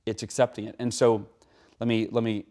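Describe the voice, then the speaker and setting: Animated man telling a story. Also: a little fast. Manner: animated, acts out quotes with rising pitch; frequent "right?" tags. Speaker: guest speaker. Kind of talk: conversational interview.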